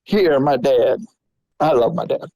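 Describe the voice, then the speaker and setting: A man hosting a podcast, telling a story in a loose, rambling, animated way. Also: mid-range voice, unhurried, low-quality recording. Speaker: podcast host. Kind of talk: casual storytelling.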